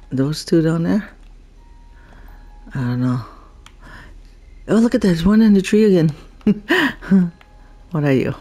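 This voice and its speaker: A woman talks her way through a video game in an unhurried, relaxed drawl. Her tone is soft and warm rather than bright, and she chats to the creatures on screen and giggles often. It is casual gameplay commentary. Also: fairly low pitch. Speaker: gameplay vlogger.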